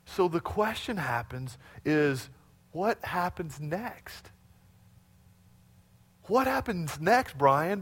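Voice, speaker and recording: Male pastor, fairly high voice, lively sermon delivery that asks the congregation to repeat lines after him.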